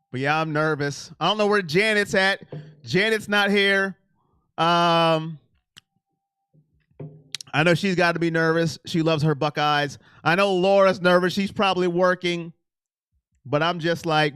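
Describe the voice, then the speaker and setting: A man hosting a sports livestream, chatting excitedly and directly with his viewers. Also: a little high, clean tone, no room sound, clean studio sound. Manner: excitable, talks straight to chat. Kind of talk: casual live-stream chat with viewers.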